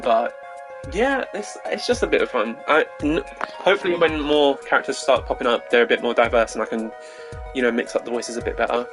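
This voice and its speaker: A man's voice: medium pitch, a little fast, over music, poor audio. A man streaming a video game, chatting between lines with frequent giggles and self-deprecating asides. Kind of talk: let's play commentary.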